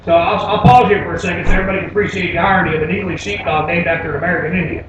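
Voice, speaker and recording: A man's voice: sits high, fairly even intonation, rapid-fire, very noisy. A man telling comic stories on stage in a laid-back, rambling way, with fillers. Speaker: storyteller. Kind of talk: live comic storytelling on stage. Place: stage before an audience. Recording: distant, roomy, dull live recording.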